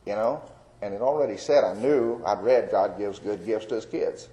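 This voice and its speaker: A man's voice: on the low side, normal speed, warm tone, rough recording. Chuckling man giving testimony. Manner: folksy, chuckling storyteller. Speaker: evangelist. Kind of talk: personal testimony.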